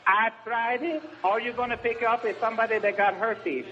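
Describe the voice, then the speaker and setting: A man's voice: very high voice, steady tone, moderate pace, sharp tone. A man with a Guatemalan Spanish accent calling a radio show, combative and accusing. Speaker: caller. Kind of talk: phone call to radio show. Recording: dull phone line.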